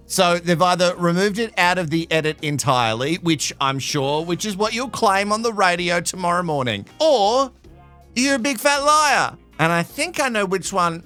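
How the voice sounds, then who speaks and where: A man hosting a casual comedic recap of a reality show, sarcastic and quick to get fired up, laughing often, tired and run down. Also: medium pitch, fairly bright tone, clean tone. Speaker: recap host.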